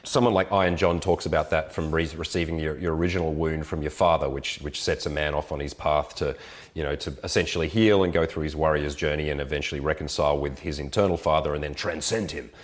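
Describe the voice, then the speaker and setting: A man's voice: extremely low pitch, fairly even intonation, quick pace. A man hosting an interview, asking thoughtful, probing questions. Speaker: podcast host. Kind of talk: interview conversation.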